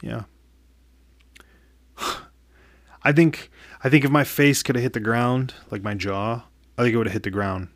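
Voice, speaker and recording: A man's voice: medium pitch, fairly even intonation, no room sound, clean studio sound. A man telling a personal story in a casual, candid way, swearing freely and often restarting his sentences. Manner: candid, profane, halting with frequent restarts. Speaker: vlogger.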